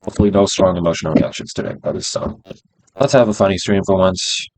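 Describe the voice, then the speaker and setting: A man streams his day trades, talking himself through each one casually and profanely while repeating phrases. His low voice moves quickly and sounds a little mellow on a rough recording.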